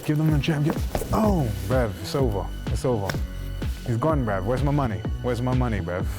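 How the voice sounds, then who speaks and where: A man's voice: medium pitch, expressive, normal speed, over music. A man hosting in a slangy, joking casual chat. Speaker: host.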